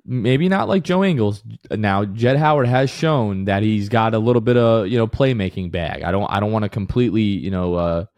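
A man's voice: fairly low pitch, normal speed, hardly any pauses, no room sound. Man ranting on a sports podcast. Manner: animated, ranting then apologizing. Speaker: podcast co-host. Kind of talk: casual sports talk.

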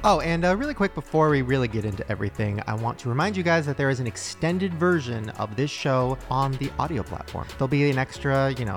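A man hosting a casual podcast, excitable and quick to laugh as he runs the segments. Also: mid-range voice. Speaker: podcast host.

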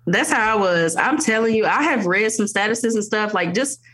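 A woman's voice: medium pitch, normal speed. A woman in her thirties with a Southern US accent, chatting as a guest over a video call and acting out people in her stories. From Tennessee, USA. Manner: animated storyteller, acts out quoted voices. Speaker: guest, teacher. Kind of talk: casual chat.

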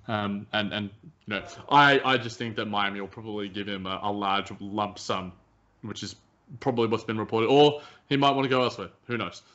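Halting man talking basketball, lo-fi sound. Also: fairly low pitch, a bit bright. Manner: hesitant, many restarts and fillers. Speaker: basketball podcast co-host. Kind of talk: casual sports chat. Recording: dull lo-fi sound.

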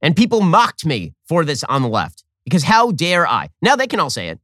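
Male show host, rants, sarcastic, lively swooping delivery, fairly high voice, dry studio sound. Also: moderate pace, no room sound. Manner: sarcastic, exasperated, ranting. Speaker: political commentary host. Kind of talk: fast opinionated monologue.

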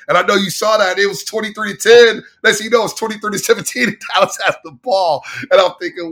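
A man who hosts sports radio, telling a story as a podcast guest in an animated, excited way. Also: sits high, a little fast, hardly any pauses. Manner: animated, hyped, chants and yells in quotes.

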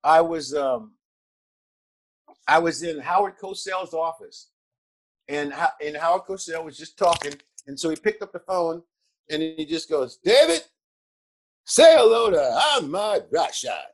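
An older man's voice sits notably high for a man. He tells stories as an interview guest, chuckling often and circling back on his words when he gets moved. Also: unhurried, long pauses. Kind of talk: animated storytelling.

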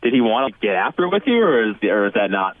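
A man co-hosting a podcast in casual banter, joking and swearing easily. His voice is low but swings widely in pitch. It comes through a dry, tinny line that sounds like a phone. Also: very animated, fast talker. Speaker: podcast co-host. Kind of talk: casual chat.

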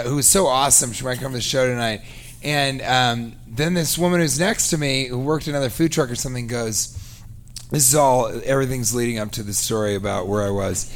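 A man telling a comic story, sarcastic and animated, acting out both sides of a conversation. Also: medium pitch. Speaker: comedian. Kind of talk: comedic storytelling.

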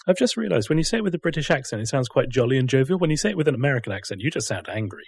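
A man's voice: medium pitch, very animated, racing, vocal fry, slightly rough, no echo. A man co-hosting a podcast, chatting playfully and reading the show's outro. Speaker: podcast co-host. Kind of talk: casual chat and show outro.

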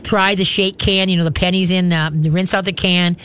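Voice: mid-range voice, fairly even intonation, normal speed, a bit bright, smooth. A radio host and dog trainer giving chatty, hands-on advice to callers on a call-in show. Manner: chatty and instructive, acts out dog commands.

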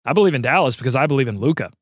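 A man's voice: medium pitch, animated, rapid-fire, no echo, studio quality. A man co-hosting a sports podcast, talking in a loose, joking, rambling way about basketball. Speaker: podcast co-host. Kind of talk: casual sports podcast chat.

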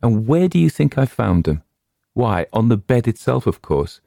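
A man narrating a short horror story in a measured, deliberate way. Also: medium pitch, sing-song, creaky, dark tone, dry recording, clean studio sound. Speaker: story reader.

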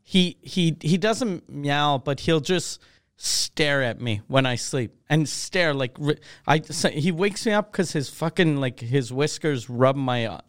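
A man chatting casually on a podcast, easygoing and profane, with halting restarts. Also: fairly high pitch, lively intonation.

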